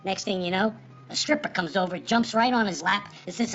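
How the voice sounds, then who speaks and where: A woman telling a bawdy joke in lively storytelling, mimicking the voices. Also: medium pitch, brisk. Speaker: joke teller. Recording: dull film soundtrack with faint music.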